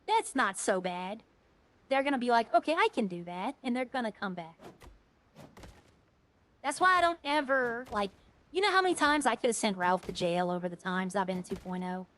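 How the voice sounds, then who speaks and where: A woman's voice: a little high, animated, fairly quick, fairly bright tone, low-quality recording. A woman streamer chatting casually while playing a game, rambling and earnest, often restarting her sentences.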